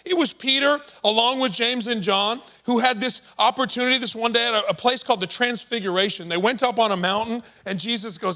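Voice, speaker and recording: A man's voice: very high voice, brisk, few pauses, bright, forceful tone. A man preaching a sermon as a pastor, telling stories in a casual, playful conversational way. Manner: conversational storytelling, playful asides.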